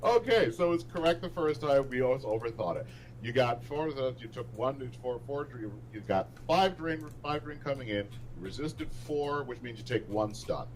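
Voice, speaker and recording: A man runs a tabletop game as its game master, explaining rules and narrating the scene in a chatty way. His pitch swings widely, rising and falling as he talks. A faint hiss sits behind his voice. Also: lively intonation, normal speed, low-quality recording. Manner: chatty, laughs at his own descriptions.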